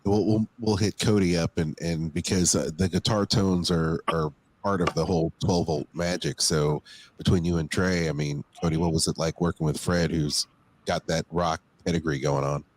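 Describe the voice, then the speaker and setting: A male host leads a relaxed interview with a band, his questions wandering and friendly. His voice sits very low. He sounds at ease throughout. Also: normal speed, no room sound. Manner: easygoing, rambling questions. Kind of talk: casual interview.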